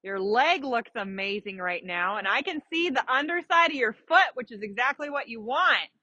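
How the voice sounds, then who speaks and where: Bright-voiced woman riding instructor. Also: a little high, animated, normal speed, no room sound, lo-fi sound. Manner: encouraging, explains patiently with examples. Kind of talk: live coaching during a riding lesson.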